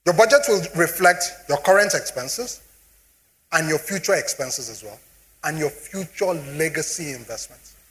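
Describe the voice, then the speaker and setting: Animated Nigerian man addressing an audience. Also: fairly high pitch, moderate pace. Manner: animated, asks the audience questions often. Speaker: speaker on personal finance. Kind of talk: motivational talk to an audience.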